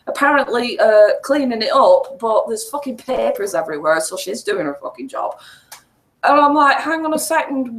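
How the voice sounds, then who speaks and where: A woman with a Northern English accent co-hosting a podcast, talking in an animated, sweary, ranting casual chat. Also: medium pitch, rough recording. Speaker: podcast co-host.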